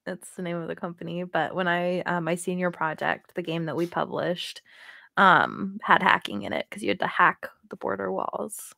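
A woman's voice: fairly low pitch, normal speed, creaky, pushed and bright, no echo. Young woman cohost chatting about games, giggles a lot, dry close sound. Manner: giggly, laughs often while talking. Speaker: podcast co-host. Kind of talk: casual chat.

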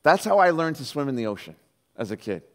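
A pastor from Southern California preaches with a mid-range voice at a quick pace, his words carrying a big-room sound. He's an animated storyteller who acts out the voices in his stories and uses many "like"s.

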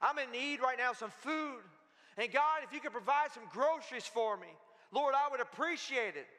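A man preacher voicing a joyful old woman who shouts praise from her porch. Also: high voice, moderate pace. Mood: pleading. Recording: long church-hall reverb.

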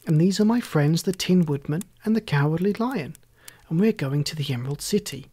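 A storyteller voicing an earnest, eager young girl in a storybook reading, high and polite. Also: lively intonation, brisk, warm tone, lightly acted.

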